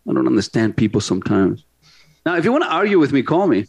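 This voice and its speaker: A man's voice: mid-range voice, sing-song, quick pace, gravelly, breathy edge. A man hosting a radio talk show, making points emphatically, drawing words out and repeating himself. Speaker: show host.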